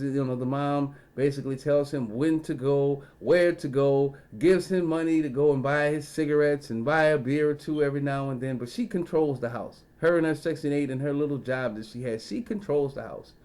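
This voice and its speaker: A man with a somewhat high-pitched voice, talking straight into the camera in a loose, rambling rant. He swears freely and keeps drifting into asides and fillers. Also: brisk, darkish tone. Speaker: vlogger. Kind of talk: casual storytelling rant.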